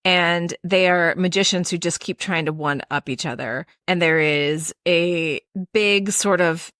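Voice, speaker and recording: A woman's voice: on the low side, unhurried, a bit bright, no echo, studio quality. A woman co-hosting a podcast in casual chat, rambling a little and laughing often as she asks her co-host questions. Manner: rambling, with many fillers.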